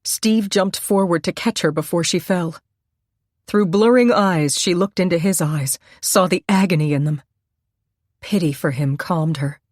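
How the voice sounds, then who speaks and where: A woman narrating a suspense novel in a measured, steady storytelling voice on a close microphone. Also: lowish voice, no room sound. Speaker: audiobook narrator. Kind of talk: scripted narration.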